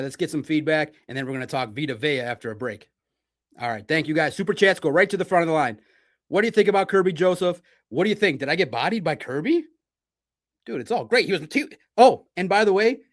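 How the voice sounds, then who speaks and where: A man's voice: a little high, fairly bright tone. A man from Detroit hosting a livestream sports podcast, talking in a blunt, combative and profane way. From Detroit, United States.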